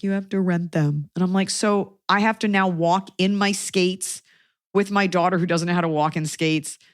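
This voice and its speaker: Speaking in a deep voice on a dry, studio-quality recording, a thirtysomething woman hosts a podcast. Her comedic storytelling chat is sarcastic and exasperated, full of anecdotes and quoted asides.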